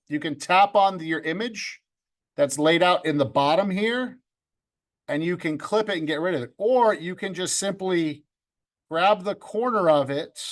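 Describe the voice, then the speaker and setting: A man teaching a video-editing class over a video call, upbeat and joking, talking to students by name. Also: high voice. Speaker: video club instructor. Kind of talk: online class instruction. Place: home room with green screen.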